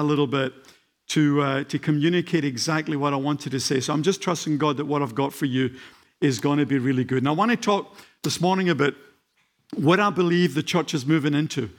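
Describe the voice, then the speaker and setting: Older Scottish preacher, fervent and halting. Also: male voice, a little high. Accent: faint Scottish. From Scotland. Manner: halting, many fillers, builds to fervent emphasis. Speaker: guest preacher. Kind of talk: sermon. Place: church.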